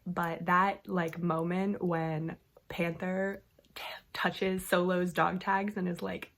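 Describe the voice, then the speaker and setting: A woman talking casually to camera as a book vlogger, full of fillers like "like" and "um", swearing now and then. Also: mid-range voice. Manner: chatty, filler-heavy with frequent "like" and "um". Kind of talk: casual book recommendation vlog.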